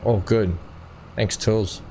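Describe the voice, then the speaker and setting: A man's voice: fairly low pitch, steady tone, takes it slowly, mellow, slight background noise. Chatty man hosting a game stream. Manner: chatty, laughs often while reading chat. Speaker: gaming livestream host. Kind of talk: casual chat with live viewers.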